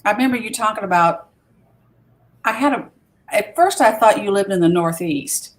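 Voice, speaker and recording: A woman's voice: medium pitch, lively intonation, moderate pace. A woman co-hosting a casual livestream chat over a video call, easygoing and conversational.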